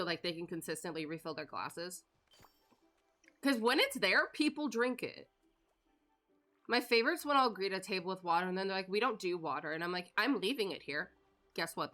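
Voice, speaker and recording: This woman has a medium-pitched voice with a sharp edge. She's a live streamer chatting casually as she games, rambling along with plenty of fillers and laughter.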